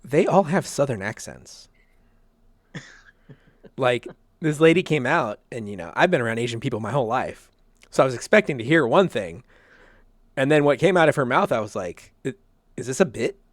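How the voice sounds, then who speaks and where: A man's voice: mid-range voice, very animated, normal speed, pauses often, dry recording. Chatty man on a dry mic. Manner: laughs often, repeats himself, many fillers. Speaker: podcast host. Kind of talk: casual chat.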